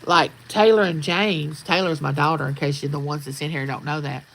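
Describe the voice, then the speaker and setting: A woman's voice: low-pitched, steady tone, brisk, fairly bright tone, poor audio. An older woman, telling folksy stories in a rambling, casual chat outdoors. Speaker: vlogger. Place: outdoors at sunrise.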